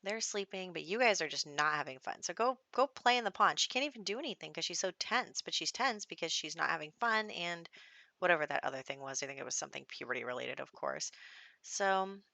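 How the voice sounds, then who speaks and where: A woman's voice: deep voice, animated, fairly quick, gravelly, pushed and bright, no room sound. A young adult woman giving casual, rambling commentary over a life-sim game, with lots of fillers and little laughs. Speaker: gameplay commentator.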